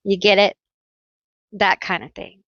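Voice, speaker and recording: A woman reads tarot at an unhurried pace and tells chatty, playful stories with teasing nicknames. The sound is close and dry, with a slightly dull, lo-fi quality. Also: mid-range voice, flat delivery, vocal fry, fairly bright tone, no echo. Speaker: tarot card reader. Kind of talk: pick-a-card tarot reading.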